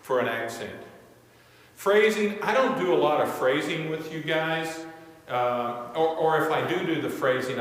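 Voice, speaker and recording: Slow-talking man teaching in an echoey hall. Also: medium pitch, fairly bright tone. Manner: counts beats aloud, demonstrating conducting. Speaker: music instructor. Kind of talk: classroom lecture. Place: large echoey room.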